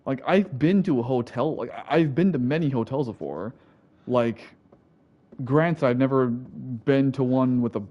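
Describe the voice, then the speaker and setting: A man's voice: mid-range voice, unhurried, dark tone, muffled recording. An American man giving rambling, profane let's-play commentary, correcting himself as he goes. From United States. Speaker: gameplay commentator.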